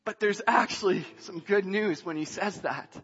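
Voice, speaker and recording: High-voiced male preacher in a reverberant hall. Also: moderate pace, slightly rough. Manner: swings from hushed reading to shouted emphasis. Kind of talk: sermon. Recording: dull sound, long hall reverb, faint music.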